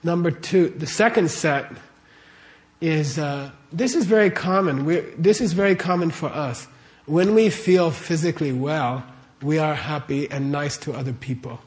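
A man's voice: fairly high pitch, unhurried. A man giving a casual Buddhist teaching to a live audience. He talks conversationally, often asks the audience questions and checks in with them with "okay?" and "right?". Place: warm room with a live audience.

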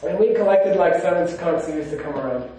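The voice is a man's, a little high and dark in tone, moving at a brisk clip. He's a monk rambling conversationally through a casual spiritual talk built on personal stories and many "you know"s, recorded by a far-off mic in a strongly echoing room.

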